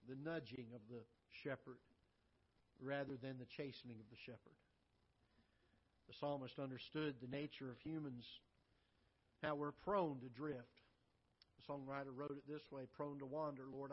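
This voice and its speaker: A man preaching a sermon as pastor, swinging from loud emphatic lines to soft low asides. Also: normal speed, breathy edge, dull audio. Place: church auditorium.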